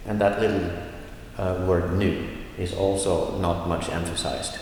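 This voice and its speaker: A male language teacher giving a lesson, saying example sentences slowly and then going through each word. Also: deep voice, slight background noise. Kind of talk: slow explanatory lesson. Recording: echoey room with long reverb.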